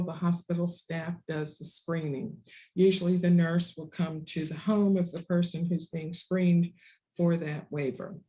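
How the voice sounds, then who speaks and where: Webinar presenter walking through benefit rules, steady explainer tone, warm mellow voice, mid pitch. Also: poor audio. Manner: measured, explanatory, partly read with some ad-libbed asides. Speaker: disability advocacy presenter.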